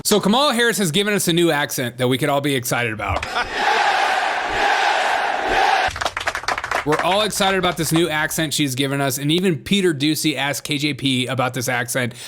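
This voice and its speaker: A man's voice: a little high, lively intonation, normal speed, pauses often, over a noisy crowd, heavy background noise. A man hosting a comedy news show, commenting in a mocking tone and laughing often.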